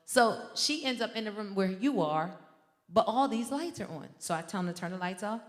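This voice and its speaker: A woman minister delivers a sermon with fervent, conversational energy, slipping into stories and talking straight to her listeners. Her voice sits at a middle pitch and carries a long hall reverb. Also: expressive, moderate pace. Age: adult with a teenage son. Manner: fervent, conversational preaching with story asides.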